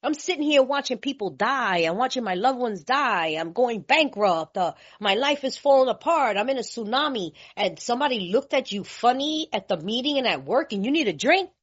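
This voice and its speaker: A woman from California sharing her story at a recovery meeting, blunt, animated and laughing, with streetwise talk. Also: a little high, moderate pace, hardly any pauses, husky. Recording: dull lo-fi recording.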